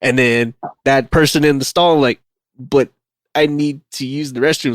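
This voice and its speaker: A male podcast co-host swaps stories in loose, casual chat. He talks in an animated way, laughs a lot and swears freely. His mid-range voice sits on a dry, close recording. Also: medium pitch, normal speed, dry recording.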